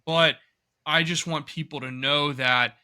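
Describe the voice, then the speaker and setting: Earnest man with a very bright voice. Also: on the high side, fairly even intonation, measured pace, clear, resonant tone. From United States. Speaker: podcast guest. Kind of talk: podcast interview.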